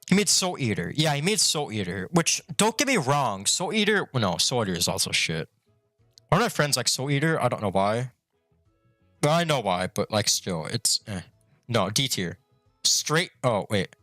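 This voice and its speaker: A man's voice: mid-range voice, very animated, moderate pace, sharp tone, no echo, faint music behind. A male streamer ranting bluntly and profanely in a rambling casual way, talking with a retainer in his mouth. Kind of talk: casual opinion rant.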